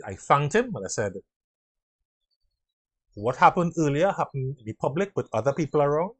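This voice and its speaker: A middle-aged man giving a motivational talk on leadership, earnest, acting out quotes and sounds, swinging between loud and soft. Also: mid-range voice, breathy edge. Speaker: leadership speaker.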